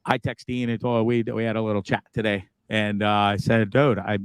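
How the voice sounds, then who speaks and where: A man's voice: lowish voice, flat delivery, fairly quick, smooth, no echo. A man hosting a casual livestream from a bus, rambling, swearing and laughing at himself. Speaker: host.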